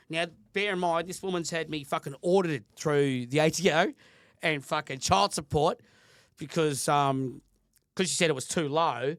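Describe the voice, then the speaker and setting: A man's voice: a little high, moderate pace, no room sound, clean studio sound. A middle-aged Australian man co-hosting a podcast, telling a heated story in casual chat and swearing constantly. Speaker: podcast co-host.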